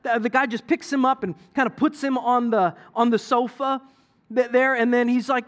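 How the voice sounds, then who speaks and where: A middle-aged male pastor preaching a sermon in a conversational, animated storytelling way, acting out quotes from people. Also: very high voice, normal speed.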